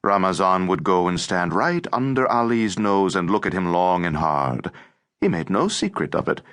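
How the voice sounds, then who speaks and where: A male audiobook narrator with a very low voice that rises and falls a lot. He reads in a measured, expressive way, leaning into the images of the story. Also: no echo, studio quality. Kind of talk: scripted narration.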